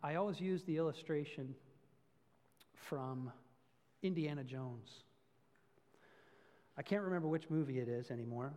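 High-voiced preacher in a reverberant hall. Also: male voice, dark tone. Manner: earnest storytelling preacher, self-deprecating asides. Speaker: pastor. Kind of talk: sermon.

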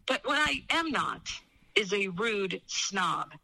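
A woman's voice: medium pitch, big pitch swings, slow, vocal fry, sharp tone, rough recording. A middle-aged woman from New York, a guest on a political talk show, speaking in an emphatic, opinionated way.

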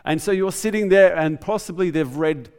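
Man, conversational sermon, animated delivery, long church reverb. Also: sits high, normal speed, smooth. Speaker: preacher.

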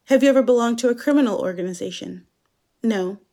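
A woman from Germany performing a scripted dramatic monologue as narrator, speaking in a slow, measured, introspective way. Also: a little high, gravelly, mellow.

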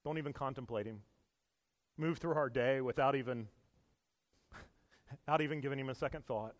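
A male pastor preaching a sermon in earnest, swinging from hushed to loud and emphatic, stumbling and repeating words with small laughs. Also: medium pitch, normal speed. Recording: echoey hall with long reverb.

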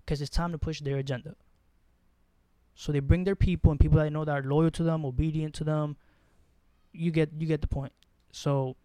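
Young New guy, heated podcast co-host, higher voice, dry close sound, slangy and blunt. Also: mellow, no room sound. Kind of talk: casual podcast chat.

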